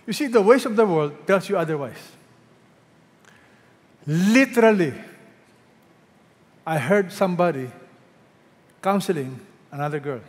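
A man preaching to his congregation in a high, ringing voice. He fires rhetorical questions at them, rising to loud emphatic peaks, then drops to a hush to draw out a quote. Long reverb from the hall trails behind every line. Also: lively intonation. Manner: swings between loud emphatic peaks and hushed drawn-out quotes. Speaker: pastor. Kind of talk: sermon.

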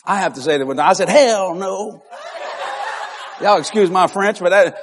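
A man's voice: high-pitched, quick pace, a bit bright, slight background noise. A man with a Cajun accent, preaching humorously through childhood stories and laughing as he tells them.

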